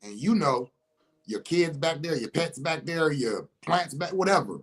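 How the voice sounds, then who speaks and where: A man gives a casual monologue in a husky, fairly high voice. He tells animated stories and poses rhetorical questions. His pace speeds up and slows down as he makes a point. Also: poor audio. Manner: animated storyteller acting out scenarios, rhetorical questions. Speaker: commentator.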